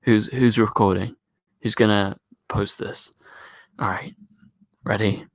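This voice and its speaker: A man with a British accent and a deep voice, hosting a live stream in a casual, chatty way and answering viewer questions into a microphone. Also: steady tone, slow pace. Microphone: studio microphone.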